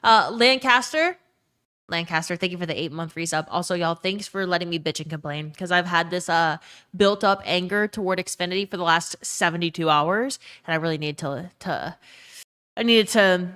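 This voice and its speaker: A woman's voice: on the low side, normal speed, sharp tone, smooth. A young woman streamer in casual chat, ranting with plenty of swearing and reading chat messages aloud. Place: her own emptied bedroom.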